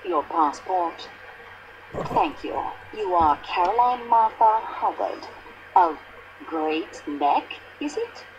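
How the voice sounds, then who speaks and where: A woman's voice: medium pitch, very animated, slow, dull audio, a little hiss or hum. An actress with a French accent playing a patient young female investigator in a mystery video game, formal and clipped.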